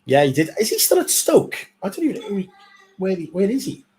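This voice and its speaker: A man's voice: high voice, wildly swooping pitch, brisk, darkish tone. A man co-hosting a football watchalong, easygoing and agreeable, with some teasing banter. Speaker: watchalong co-host.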